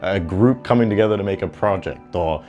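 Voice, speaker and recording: Brief: man, lowish voice, sardonic commentary narrator over faint music. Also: brisk, darkish tone. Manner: mocking, incredulous. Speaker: commentary YouTuber. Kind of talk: sarcastic drama commentary.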